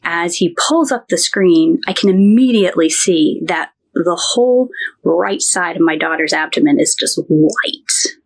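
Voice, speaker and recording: A woman's voice: on the low side, lively intonation, measured pace. A woman who works as a nurse, telling a personal story in a podcast interview in a chatty way, full of "like" and "he goes".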